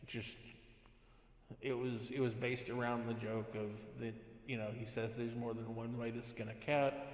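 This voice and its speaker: A man's voice: mid-range voice, little pitch movement, a little slow. A man giving a rambling, sarcastic, exasperated rant to camera, with many restarts. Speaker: toy collector vlogger. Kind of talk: ranting commentary. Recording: echoey room with long reverb.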